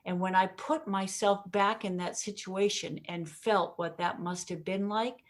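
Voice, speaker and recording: A woman speaking as an interview guest, explaining how to deliver a message, acting out her points with pauses and stretched words, often laughing. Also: medium pitch. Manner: expressive, demonstrates delivery with pauses and emphasis; laughs often while talking. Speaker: communication coach, guest.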